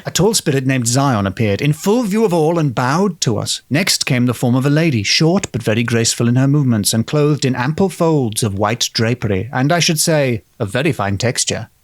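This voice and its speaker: A man's voice: mid-range voice, lively intonation, moderate pace, hardly any pauses, no room sound, clean studio sound. A man hosting a comedic history podcast, joking and reading old accounts aloud. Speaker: podcast host. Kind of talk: comedic storytelling podcast chat.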